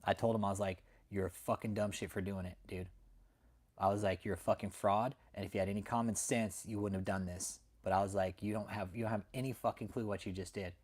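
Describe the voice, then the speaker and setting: A man's voice: on the low side, steady tone, fast talker, a little mellow, husky. A young adult man hosting a channel, telling a story to his viewers in a brash, profane, casual rant. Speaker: channel host.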